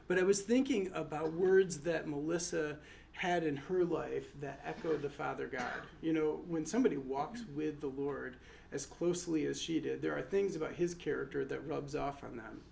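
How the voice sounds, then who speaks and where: A man's voice: on the high side, normal speed, vocal fry, a little mellow. A man from Michigan giving a memorial sermon and prayer as pastor, earnest and conversational, with friendly asides. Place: chapel. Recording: echoey chapel with faint noise.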